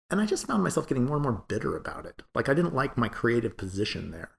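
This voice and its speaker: A man's voice: mid-range voice, fast, gravelly, a little hiss or hum. A man being interviewed and recalling a working relationship, telling it as a story and acting out what others said. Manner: animated storytelling, acting out quoted dialogue. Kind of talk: oral-history interview recollection.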